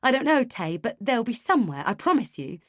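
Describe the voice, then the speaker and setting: A woman reading an audiobook, voicing a firm, reassuring man who talks in a calm, logical way. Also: on the high side, a little fast, no room sound, clean studio sound, pitched above the performer's own voice.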